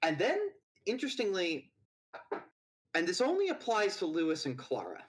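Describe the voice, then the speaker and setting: A man's voice: high voice, wildly swooping pitch, normal speed, low-quality recording. A man narrating as game master in a tabletop game, loose and rambling with lots of fillers.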